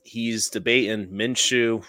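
A man hosting a casual fantasy football podcast, chatty and quick to laugh at himself. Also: mid-range voice, steady tone, pushed and bright, no echo, clean studio sound. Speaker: podcast host.

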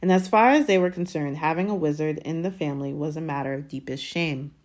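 A woman reading a novel aloud in a measured, deliberate way. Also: sits low, a little mellow. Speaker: reader.

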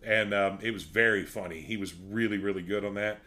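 A man's voice: fairly low pitch, fairly quick, pushed and bright. A middle-aged man, chatting casually and laughing as he tells stories and acts out quotes. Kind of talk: casual chat.

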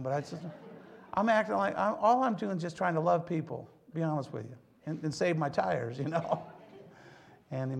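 Man, middle-aged, pastor's sermon, folksy and joking, gravelly voice, a bit high. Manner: folksy, joking storyteller preaching to a congregation.

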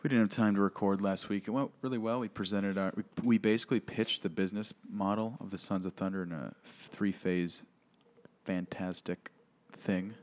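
A man's voice: on the low side, steady tone, moderate pace, a little mellow. A young man co-hosting a podcast, talking in a laid-back, slangy, joking way. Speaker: podcast co-host. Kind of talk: casual chat.

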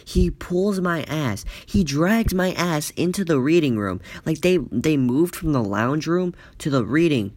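A man's voice: on the high side, animated, unhurried, hardly any pauses, a little mellow, dry recording. A man telling a casual, profane story in rambling speech full of "like" fillers.

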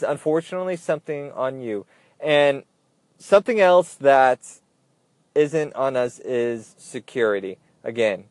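A man's voice: medium pitch, a little mellow, no echo. A man hosting a casual solo podcast, chatting and joking as he repeats his advice with emphasis. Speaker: podcast host, airline gate agent.

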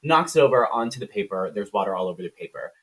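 A man's voice: on the low side, lively intonation, fast talker, a bit bright. A man co-hosting a podcast, recapping a film in a rambling, profane, casual way full of fillers. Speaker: podcast co-host. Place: room shared with co-host. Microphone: shared computer setup.

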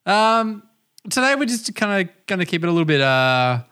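A young man hosts a laid-back music podcast in a bright, forward voice. He talks loosely and animatedly, with plenty of ums and the odd swear. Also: high-pitched, very animated, moderate pace, smooth. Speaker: podcast host. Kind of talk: casual podcast chat.

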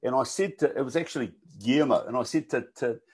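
A man's voice: mid-range voice, quick pace, darkish tone, husky. An older man with a New Zealand accent, a guest talking casually and telling coaching stories with casual swearing. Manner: chatty, with frequent restarts and casual swearing. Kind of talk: casual conversation and storytelling.

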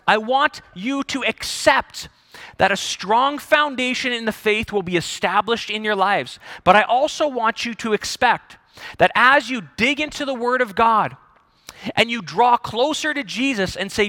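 A male pastor preaching a sermon, telling the story in an animated way with jokes and acted-out voices. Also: very high-pitched, no echo, studio quality.

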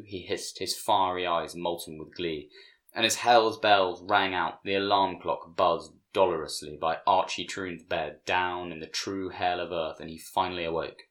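Male narrator, very low voice, measured storybook reading, hushes for dialogue. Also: steady tone.

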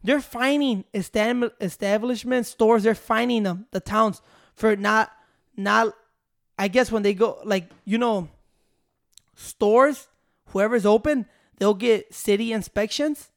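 A man's voice: high-pitched, slow pace. A man in casual podcast chat, arguing and swearing, calling his friend "bro". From Chicago area. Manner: profane, argumentative, calls his friend "bro".

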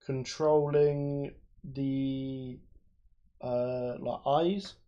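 Male podcast co-host, mid-pitched, rambling friendly explainer. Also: fairly even intonation, extremely slow, warm tone, highs cut off. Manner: chatty, explains at length with many fillers. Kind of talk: casual chat.

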